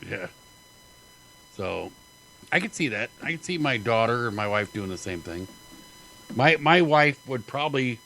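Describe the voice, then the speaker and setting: A man's voice: medium pitch, pushed and bright, rough recording. Guy hosting talk radio, joking around and laughing a lot. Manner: chatty, laughs often, jokey asides. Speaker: radio host.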